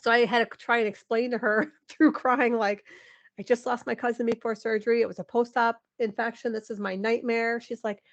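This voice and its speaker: A woman in her forties, a podcast guest, telling a personal story in an animated, emotional way, with lots of "like" and some laughter. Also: fairly high pitch, brisk, highs cut off. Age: 40s. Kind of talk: candid interview storytelling.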